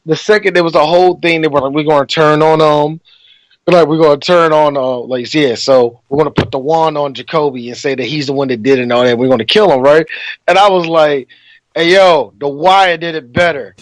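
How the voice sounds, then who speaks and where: A man's voice: on the high side, fairly even intonation, fairly quick, no room sound. A man co-hosting a casual movie review podcast, joking and profane, often breaking into laughter. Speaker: podcast co-host.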